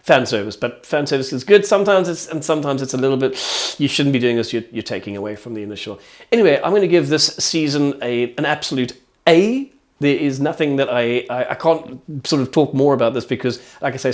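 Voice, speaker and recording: A man giving an enthusiastic, rambling casual review of a TV show. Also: mid-range voice.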